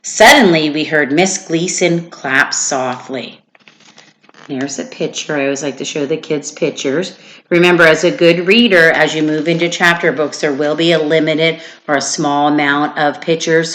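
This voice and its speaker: A woman's voice: sits low, fairly even intonation, moderate pace, fairly bright tone. A woman teacher reading a children's chapter book aloud, stopping to explain reading skills to young listeners. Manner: explanatory, prompts listeners to infer.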